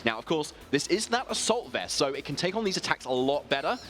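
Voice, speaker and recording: A man giving fast analytical color commentary on a live competitive video game match. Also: a little high, big pitch swings, a bit bright, slight background noise. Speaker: esports analyst.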